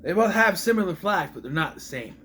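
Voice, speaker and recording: A man gives a casual, sarcastic movie review that swings between exasperated rants and dry asides. His voice sits a little high and moves around with lively pitch. A faint background ambience runs under the recording. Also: brisk, slight background noise.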